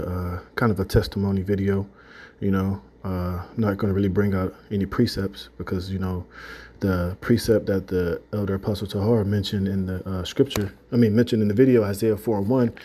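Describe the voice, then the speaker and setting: A man's voice: on the low side, dark tone. A man giving a loose, conversational religious testimony to his listeners, full of "you know" and "man". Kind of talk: casual spoken testimony.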